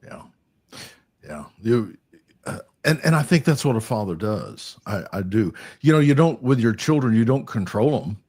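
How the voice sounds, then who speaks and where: A man's voice: fairly low pitch, big pitch swings, normal speed, darkish tone, breathy edge. A middle-aged man, a pastor hosting an interview, speaking in an affirming, reflective conversational way. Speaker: host and pastor. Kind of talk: casual interview chat.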